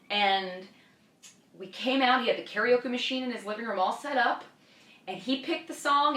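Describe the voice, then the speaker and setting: A young woman telling a casual, animated story about a night out, acting out the voices of the people in it and laughing as she goes. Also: lowish voice. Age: young adult. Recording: roomy, from a distance.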